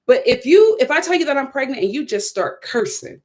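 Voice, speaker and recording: Animated woman reviewing reality TV. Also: high voice, a little fast. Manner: animated, expressive, breaks into laughter and quoted voices. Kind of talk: casual live reality show review.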